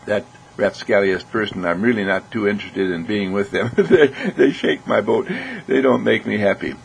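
A man's voice: fairly low pitch, moderate pace, creaky, a little hiss or hum. A man voicing a horse who grumbles that it has no interest in a rude person. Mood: grumbling. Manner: grumbling, reluctant. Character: unimpressed horse complaining about a rude person.

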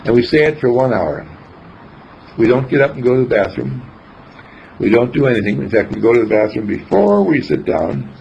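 A man's voice: medium pitch, very animated, a little fast, gravelly. A man giving an informal spiritual teaching, telling rambling, folksy stories with chuckles between points. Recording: dull lo-fi recording with faint background noise.

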